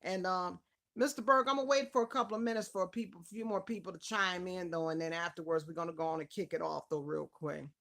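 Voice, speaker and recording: A woman's voice: lowish voice, fairly even intonation, quick pace, gravelly, fairly bright tone. A woman hosting a casual live stream interview, effusive and greeting her viewers by name.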